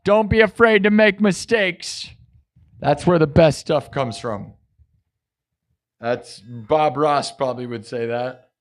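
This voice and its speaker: A man's voice: on the high side, takes it slowly. A man hosting a live music stream, chatting casually, goofing around and reading viewer comments aloud. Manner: goofy, joking, reads viewer comments aloud. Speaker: livestream host and improvising musician. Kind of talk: casual livestream chat.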